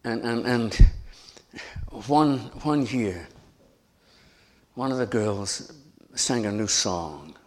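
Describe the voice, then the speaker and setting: A man's voice: mid-range voice, expressive, extremely slow, pauses often. A middle-aged man preaching a sermon as pastor, earnest, repeating his phrases and stumbling over restarts.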